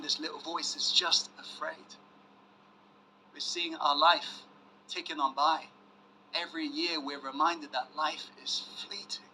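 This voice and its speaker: A man giving a motivational self-help masterclass, pressing the audience with questions and dropping to hushed emphasis. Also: fairly high pitch, slight background noise, rough recording. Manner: emphatic, asks audience to say yes, swings loud and hushed. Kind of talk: motivational webinar talk.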